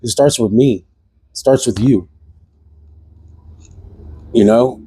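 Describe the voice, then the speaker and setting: A man's voice: medium pitch, slow pace, warm tone, husky, dry recording. A man speaking, giving a passionate spiritual monologue to camera that repeats phrases and fires off rhetorical questions. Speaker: vlogger.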